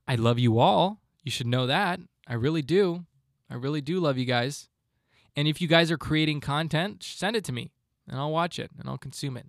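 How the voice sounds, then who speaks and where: Speaking in a mid-range voice, this twenty-something podcast host goes solo with a pumped-up motivational rant. The audio is clean studio sound without any room presence.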